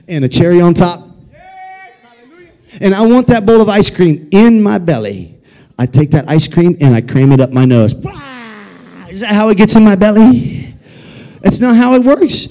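A man's voice: sits high, mellow. A man preaching a playful, jokey children's sermon in a church, leading the crowd in call-and-response. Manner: playful, jokey, leads the crowd in repeat-after-me calls. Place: church sanctuary.

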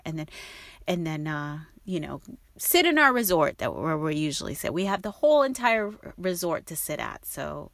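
A woman's voice: lowish voice, fairly bright tone, no echo. A middle-aged woman vlogging in casual chat, rambling with lots of fillers and restarts. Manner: rambling, with many fillers and self-corrections.

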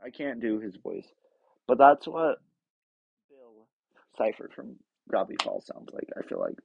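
A man's voice: medium pitch, huge pitch swings, unhurried, creaky, highs cut off. A man hosting his own podcast in a casual, rambling, self-deprecating way, often trailing off. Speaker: podcast host. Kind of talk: casual chat.

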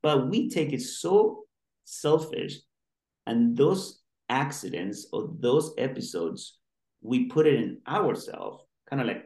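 A man's voice: medium pitch, very animated, measured pace, a little mellow. A male doctor being interviewed, who talks in an earnest, rambling way with many restarts. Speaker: guest doctor. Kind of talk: interview conversation. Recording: roomy echo.

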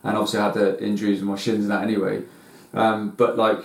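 Man, low gravelly monotone, fast, reflective podcast co-host. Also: echoey room, distant mic. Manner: low-key, reflective, hesitant with ums. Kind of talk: casual podcast chat.

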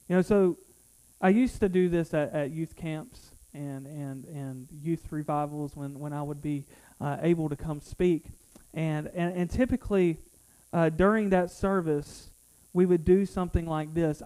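High-voiced preacher man. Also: moderate pace, poor audio. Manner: energetic preaching with many restarts and call-and-response. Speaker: pastor. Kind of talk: sermon.

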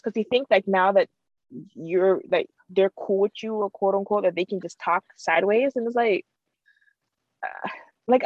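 A woman's voice: medium pitch, a little mellow, dry recording. Blunt woman chatting casually and cursing freely, dry, muffled lo-fi sound. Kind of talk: casual chat.

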